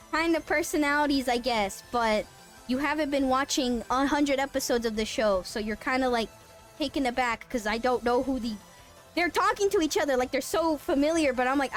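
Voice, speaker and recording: Young female streamer, high voice, loose, swearing, laughing, casual live chat. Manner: rambling, sarcastic, laughing, swears freely.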